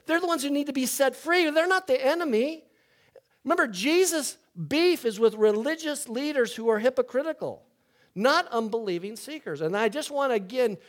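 The speaker is an older male pastor giving a sermon. He narrates casually, like he's chatting, alternating between quiet low moments and loud animated bursts.

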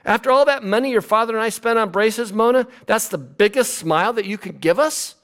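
Casting: man playing a shrill, exasperated mother scolding her son, high and pushy. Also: fairly quick, a bit bright. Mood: exasperated nagging. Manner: nagging, exasperated. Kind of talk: comic impressions in a sermon.

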